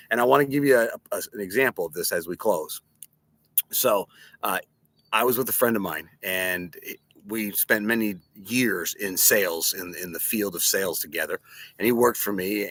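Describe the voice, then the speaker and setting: Bright-voiced man giving a motivational church talk. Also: on the low side, no room sound. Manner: animated, storytelling, direct questions to listeners. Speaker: church leader. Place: on a boat.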